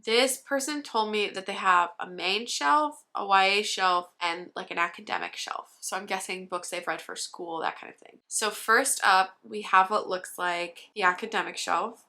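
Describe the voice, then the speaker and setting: Brief: young woman vlogger, bright forceful voice, playful roast-style commentary. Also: mid-range voice, moderate pace, hardly any pauses. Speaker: book vlogger. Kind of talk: casual comedic commentary.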